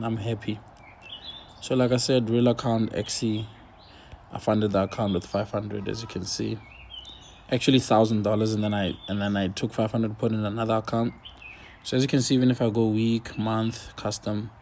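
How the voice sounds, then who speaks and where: A man with a gravelly, darker voice talks through his trades in an easy, unhurried way, half to himself as he watches the charts. A faint hiss sits under the recording. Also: mid-range voice, a little mellow. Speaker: forex trader. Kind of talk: casual screen-share trading commentary.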